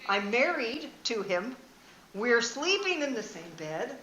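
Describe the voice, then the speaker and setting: A woman's voice: a little high, very animated, slow, bright, forceful tone, slight background noise. A woman in her sixties giving a frank, earnest marriage seminar talk in a church hall, telling personal stories and laughing at herself.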